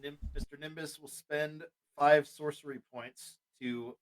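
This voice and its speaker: Chatty guy at a tabletop game, kinda high voice. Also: steady tone, unhurried. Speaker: player. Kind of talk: casual tabletop game play.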